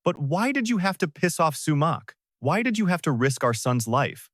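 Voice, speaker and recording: A man's voice: mid-range voice, brisk, fairly bright tone, no room sound, clean studio sound, close to an everyday voice. Man voicing a tearful, desperate wife. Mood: anguished. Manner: tearful, accusing. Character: desperate wife turned attacker, woman.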